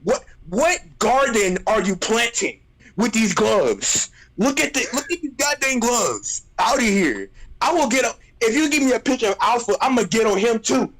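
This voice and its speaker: A man streaming, ranting in casual chat, animated and exasperated, roasting people with repeated phrases. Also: very high voice, normal speed, poor audio.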